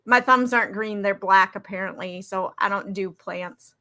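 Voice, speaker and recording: A woman co-hosting a casual movie review, talking in quick enthusiastic bursts. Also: medium pitch, bright, forceful tone. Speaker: podcast co-host.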